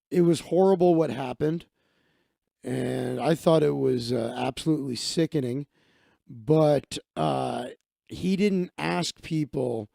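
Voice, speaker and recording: A man's voice: on the high side, vocal fry, dark tone, no echo, studio quality. A man hosting a live stream, telling stories and answering chat in a rambling, profane, casual way. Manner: rambling, profane, quick asides.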